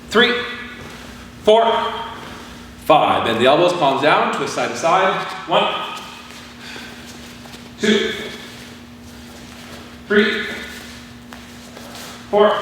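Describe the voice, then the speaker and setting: A man martial arts instructor leading a class warm-up, calling out counts and commands. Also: high voice, sing-song, very slow, long pauses, a little hiss or hum. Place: training hall. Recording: echoey hall from far off.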